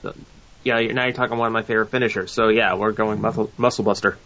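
A man's voice: fairly low pitch, steady tone, fast, fairly bright tone, highs cut off, a little hiss or hum. A man co-hosting a casual wrestling chat, talking in a rambling, sarcastic way. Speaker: podcast co-host.

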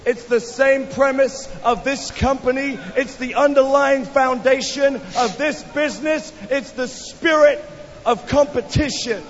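Slow, earnest high-voiced wrestler. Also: male voice, dull audio, slight background noise. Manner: measured, earnest. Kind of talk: wrestling promo.

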